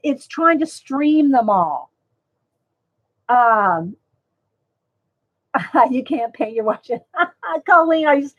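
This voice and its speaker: A woman hosting a casual livestream, rambling along and greeting viewers by name. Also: high voice. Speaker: livestream host. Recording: slightly dull lo-fi sound.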